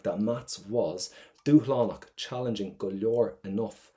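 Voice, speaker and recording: A man's voice: fairly low pitch, fairly even intonation, moderate pace, mellow. A young Irish man teaching an online exam prep class, upbeat and playful, explaining step by step.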